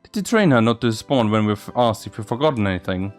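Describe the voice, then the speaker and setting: An earnest young defense lawyer, as a man voices him, talking through his doubts in a lively, rising and falling voice. Soft game music runs behind him. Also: fairly low pitch, quick pace, voice pushed down. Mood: determined. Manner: earnest, thinking aloud. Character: determined young male defense lawyer, nervous.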